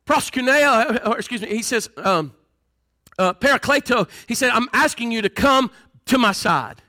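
A man's voice: very high voice, lively intonation, normal speed, sharp tone. A man preaching a sermon in a folksy, conversational way, with humor and asides to the congregation. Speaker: pastor.

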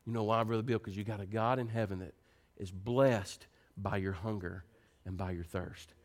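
A man preaching a sermon. He moves between quiet, earnest pleading and animated storytelling. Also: normal speed. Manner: animated, rising to high excited pitch when telling stories.

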